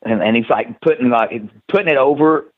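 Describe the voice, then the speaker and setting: A man's voice: medium pitch, fairly quick. A man with a Southern US accent, telling rambling stories as a guest in a casual interview, laughing often. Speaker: wrestler guest. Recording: tinny phone-like line.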